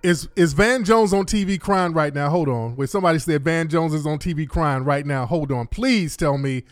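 A man giving blunt, animated commentary to his livestream audience, repeating himself often. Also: on the high side, moderate pace, no echo, clean studio sound.

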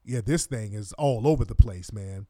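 A man's voice: lowish voice, moderate pace, mellow, dry recording, studio quality. A man giving indignant, profane, mocking commentary while reacting to court video. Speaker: online commentator.

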